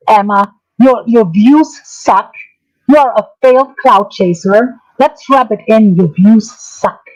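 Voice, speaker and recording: A woman's voice: on the high side, a little mellow, poor audio. A woman, hosting a livestream of drama commentary and ranting angrily with a lot of swearing and repetition. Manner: angry, profane, repetitive ranting. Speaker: streamer.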